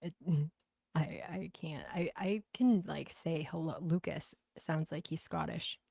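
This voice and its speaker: A woman's voice: low-pitched, slow, gravelly, mellow, no echo. A woman with a thick Boston accent chatting bluntly and profanely on a livestream, reading out comments. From Boston, USA. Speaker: livestream host.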